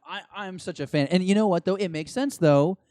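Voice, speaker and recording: A man co-hosting a podcast, chatting excitedly and rambling as an eager fan. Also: sits high, fairly quick, dry recording, clean studio sound. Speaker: podcast co-host. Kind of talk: casual chat.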